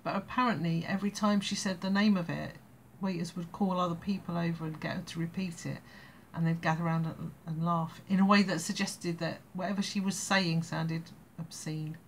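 A woman in her sixties with an English accent tells a story straight to camera, chatty and wandering. Her fairly low voice has a gravelly fry running through it, and she laughs often between phrases. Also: fairly even intonation, fairly quick, a little hiss or hum. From England. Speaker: storyteller vlogger. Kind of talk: casual spoken anecdote.

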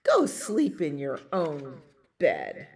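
A woman reading a picture book and voicing a mournful, slow farm horse with drawn-out words. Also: deep voice, huge pitch swings, a little mellow, heavily acted. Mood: whinnying.

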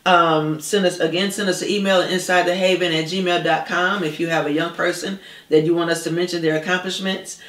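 A woman's voice: lowish voice, fairly even intonation, fairly quick. Woman, talk show host, chatty, uh and um often, echoey room, mic set far off. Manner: warm affirming, many fillers and uh's. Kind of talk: casual interview chat. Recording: roomy, distant mic.

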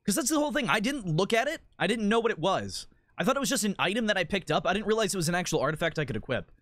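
Animated, high-voiced ranting male streamer. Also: rapid-fire, dry recording, clean studio sound. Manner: rambling, profane, animated ranting. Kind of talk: casual gaming stream chatter.

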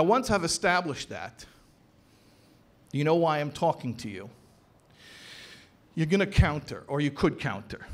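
A man in the role of a rabbi, giving a conference talk to educators. His voice sits a little high for a man, and he hammers his points by repeating phrases and drawing out key words. The delivery is emphatic and deliberate, a teacher building an argument step by step. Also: fairly bright tone. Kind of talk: conference lecture. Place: convention hall.

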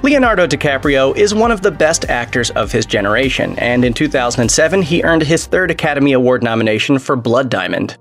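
A man's voice: medium pitch, animated, brisk, few pauses, fairly bright tone, faint music behind. A man narrating a scripted video in a wry, sardonic tone.

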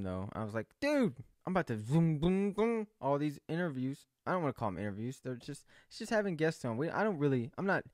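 A man's voice: mid-range voice, dry recording, studio quality. A young man rambling casually and joking in a solo video chat, often correcting himself. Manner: rambling, jokey, self-correcting. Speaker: vlogger.

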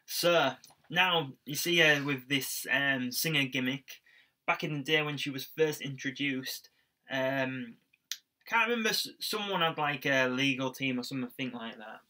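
A young man chats his way through a wrestling review, rambling and restarting as he goes. His voice is bright and forward, set at a middle pitch. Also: measured pace. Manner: rambling, chatty, with fillers and restarts. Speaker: podcast co-host. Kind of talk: casual chat reviewing wrestling.

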